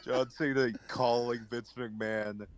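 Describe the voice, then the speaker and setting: A man's voice: medium pitch, fairly even intonation, measured pace, a little hiss or hum. A man in a casual comedic chat who narrates made-up scenes like a play-by-play.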